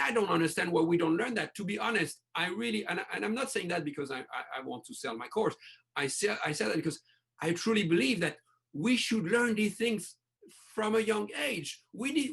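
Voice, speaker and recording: High, gravelly man speaking passionately. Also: fairly bright tone. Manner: passionate, restarts phrases, speaks in bursts. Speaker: breathwork coach, podcast guest. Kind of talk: enthusiastic interview talk.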